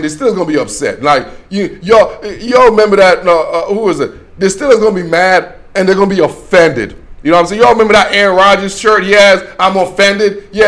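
A man hosting his own football show, making brash trash-talking predictions in casual slang. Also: high-pitched. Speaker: sports show host. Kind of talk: casual sports commentary.

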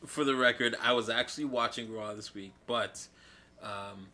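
A man's voice: medium pitch, moderate pace, sharp tone, slight background noise. A man co-hosting a casual chat, laid-back and agreeable. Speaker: podcast co-host.

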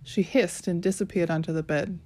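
A woman's voice: on the low side, steady tone, normal speed, darkish tone, natural voice. A woman with a British accent voicing a brash, sarcastic teenage girl narrating her own story, chatty and sarcastic. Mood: cheeky.

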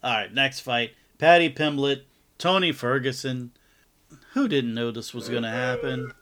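A man's voice: medium pitch, measured pace, a bit bright. A man co-hosting a podcast, laid-back, laughing and chiming in during casual chat. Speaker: podcast co-host.

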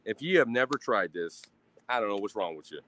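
A man's voice: fairly low pitch, animated, fairly quick, a bit bright, slight background noise, low-quality recording. A man hosting a casual livestream outdoors at a grill, talking in a profane, rambling, self-mocking way into a phone. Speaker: livestream host.

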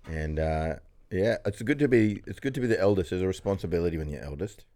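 A man, telling stories in a relaxed podcast chat and laughing often. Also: sits low, fast talker. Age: 40s. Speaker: podcast host. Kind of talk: casual chat.

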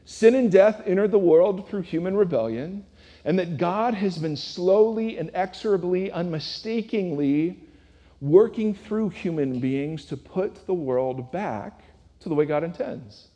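A man's voice: sits high, expressive, a little slow, warm tone, muffled recording. A man preaching a conversational sermon as a pastor, talking casually and asking the audience rhetorical questions. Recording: long reverb of a large hall.

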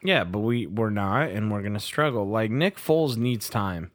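A man's voice: fairly low pitch, expressive, moderate pace, dry recording, studio quality. A man co-hosting a casual sports podcast, blunt and opinionated, steering the conversation back on track. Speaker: podcast co-host.

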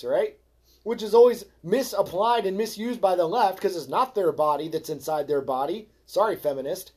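A man hosting a podcast, ranting in a fervent, preachy way, calling his listeners folks and swinging from low mutters to loud exhortation. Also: animated, moderate pace. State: frustrated. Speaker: podcast host. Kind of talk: ranting religious podcast monologue.

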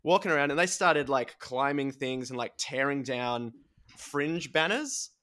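Australian male podcast host, bright tone, animated storyteller. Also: mid-range voice, a little slow. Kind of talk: casual chat.

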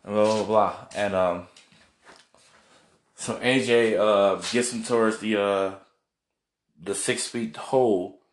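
A man's voice: on the low side, steady tone, slow, pauses often, roomy sound. A man casually recapping a wrestling show on video, rambling, laughing and swearing as he goes. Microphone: camera mic, seen on video.

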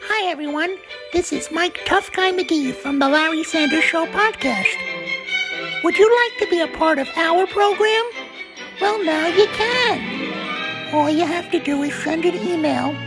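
Promo bit: a man playing a pushy tough-guy announcer, very high, slow, over music.

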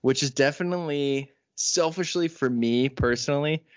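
A man's voice: on the high side, normal speed, no room sound. A man co-hosting a podcast in casual, teasing chat. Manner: joking, teasing, does mock ads. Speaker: podcast co-host. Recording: dry, dull lo-fi podcast audio.

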